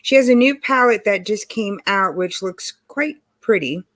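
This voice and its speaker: A woman hosting a casual livestream, chatty and greeting viewers by name, her voice hoarse from allergies. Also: medium pitch, animated, moderate pace, a bit bright. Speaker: livestream host. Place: home in Texas.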